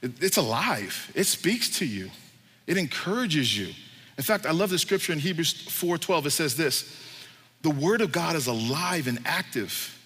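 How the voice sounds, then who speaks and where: Casual, slangy male pastor preaching; bright voice, long echo of a church hall. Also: fairly high pitch, sing-song, normal speed, husky. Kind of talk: sermon.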